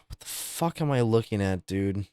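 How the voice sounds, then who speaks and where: A man's voice: on the low side, animated, moderate pace, dark tone, clear, resonant tone, dry recording. Young guy streamer, voice jumping all over the place, swears a lot, super dry close sound. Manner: incredulous, swearing, exaggerated reactions. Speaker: live streamer. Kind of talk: casual live-stream chat.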